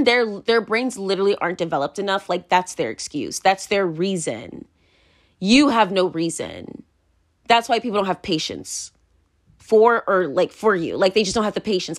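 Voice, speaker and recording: Woman ranting solo, swears a lot, lively up-and-down voice, keeps saying moving on. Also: medium pitch. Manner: blunt, profane, animated, laughs often, repeats "moving on". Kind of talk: casual solo commentary.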